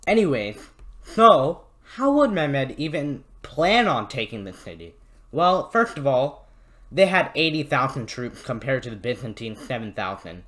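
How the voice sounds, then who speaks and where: A man's voice: medium pitch, big pitch swings, unhurried, a bit bright. Irreverent man narrating history. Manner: irreverent, jokey, swears, rambles with fillers. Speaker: history channel host. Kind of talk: casual history video narration.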